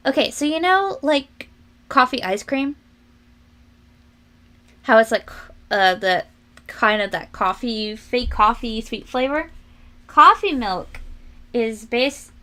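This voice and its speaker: A woman's voice: on the high side, bright, forceful tone. A young woman streamer chatting casually and animatedly while she works, quoting people in raised voices. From family from New England, lives in Florida.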